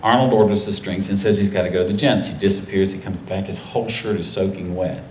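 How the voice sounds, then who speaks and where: A deep-voiced, middle-aged man from North Carolina spins long, emotional anecdotes before a festival audience. He rambles and acts out the people in his stories. The sound is roomy and echoing, with a faint hiss behind. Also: fast, a little mellow. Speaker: author on festival panel. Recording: echoey hall with faint noise.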